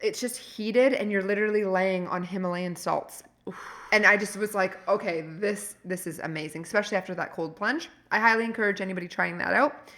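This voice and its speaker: Woman podcast host rambling thru a story, bright kinda sharp voice, lots of restarts, just chatting. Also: mid-range voice, brisk. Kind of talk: casual chat.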